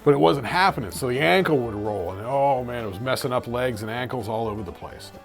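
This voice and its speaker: Podcast co-host, man, mid-pitched, chatty explainer, faint music behind. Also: expressive, a little fast, vocal fry. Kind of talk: casual banter.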